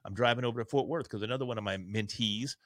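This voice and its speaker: A man in his forties speaks over a video call as a podcast guest, earnest and energetic, with a self-deprecating streak. His voice is bright and forceful. The sound is dry, with no room echo. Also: medium pitch, fast talker. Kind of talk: candid conversational storytelling.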